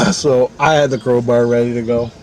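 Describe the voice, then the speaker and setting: A man's voice: mid-range voice, normal speed, slight background noise. A man telling a story in a casual, profane way, often swearing and laughing as he acts out what others said. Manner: profane, animated, laughing, acting out quotes.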